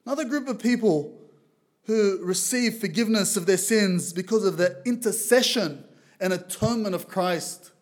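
A man from Lebanon preaching a sermon as a visiting preacher, reading scripture aloud in a loud, earnest way. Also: high voice, moderate pace. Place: church.

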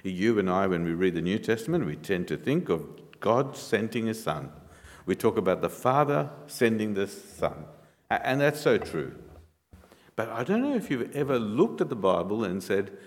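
A man's voice: fairly low pitch, very animated, moderate pace. A man preaching a sermon as pastor, explaining things patiently and asking the congregation rhetorical questions. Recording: long reverb in a large hall.

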